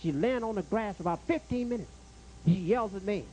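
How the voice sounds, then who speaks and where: A man doing a stand-up comedy set in a club, jokey and animated, stammering through restarts and bantering with the crowd and the waiter. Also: high voice, brisk, noisy background.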